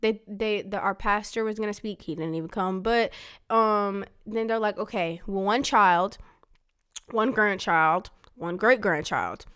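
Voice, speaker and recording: A woman's voice: medium pitch, a little slow, fairly bright tone, clear, resonant tone. A woman talking with her father in a casual family conversation, rambling through a story with lots of "like" and retelling what others said. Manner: retells others' words in quoted dialogue.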